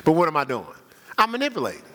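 An older man preaching a sermon as pastor, playful and lively, laughing with his congregation and acting out the voices of the people he quotes. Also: fairly high pitch, rapid-fire. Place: church sanctuary.

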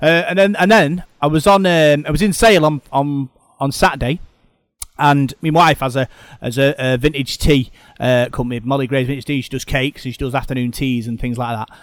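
A man's voice: medium pitch, steady tone, brisk, no room sound. A middle-aged man hosting a podcast in casual chat, rambling and restarting his sentences often. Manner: rambling, frequent restarts and repeated words. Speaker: podcast host.

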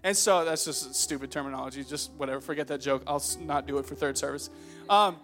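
A young man preaches a humorous sermon to a church congregation, starting with a comic story and building into earnest exhortation. His voice is a little high, fairly bright, and quick, with faint music in the background.

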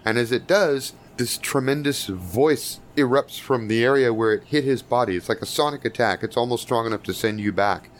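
Man game master, loose profane narration, mid-pitched voice, slight background hiss. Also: moderate pace, hardly any pauses.

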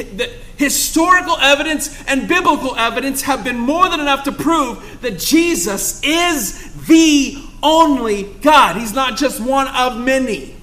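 A young male preacher with a high, ringing voice delivers an impassioned sermon. His tone stays bright and forceful as he alternates between loud exclamations and quiet, hushed asides.

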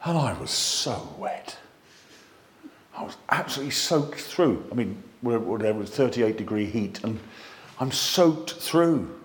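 A man preaching a sermon in an excitable, animated way, with self-deprecating humour. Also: mid-range voice, normal speed, a little hiss or hum.

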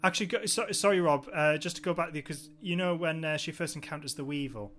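A man's voice: fairly high pitch, quick pace, fairly bright tone, a little hiss or hum. A man with a Geordie accent, co-hosting a casual chat and reviewing a TV episode with wry exasperation. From Newcastle, England. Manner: wry, exasperated, repeats words when starting. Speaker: podcast co-host.

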